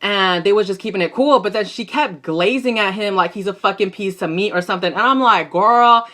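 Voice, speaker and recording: In a casual vlog, a young adult recaps a soap opera episode, gossiping in slangy, profane language and talking back at the characters. The voice is medium-pitched, brisk, pushed and bright.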